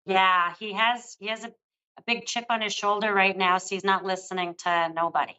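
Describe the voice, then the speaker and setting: A woman's voice: medium pitch, steady tone, normal speed, bright, forceful tone, clear, resonant tone, dull audio. An older woman giving a psychic reading on a live show, speaking in a soothing, affectionate way to a caller. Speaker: psychic reader.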